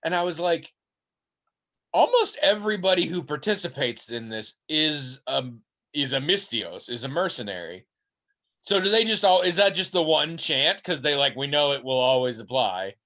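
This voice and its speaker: Animated rambling male podcast host. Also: a little high, normal speed. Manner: rambling animated storytelling with mimicked voices. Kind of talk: casual podcast chat.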